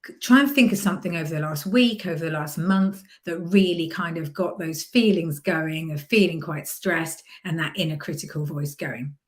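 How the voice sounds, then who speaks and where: Woman, lowish voice, podcast mindset coach; calm, encouraging, can drop into a soft hypnotherapy tone. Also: normal speed. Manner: calm, encouraging, sometimes softens into a gentle hypnotherapy voice. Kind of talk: coaching podcast with guided visualization.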